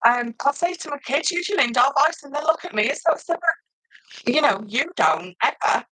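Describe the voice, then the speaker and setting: A middle-aged woman, chatting loudly and laughing often as she presents paper crafts on a live stream. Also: high-pitched, sing-song, normal speed, no room sound, rough recording. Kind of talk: casual live stream chat.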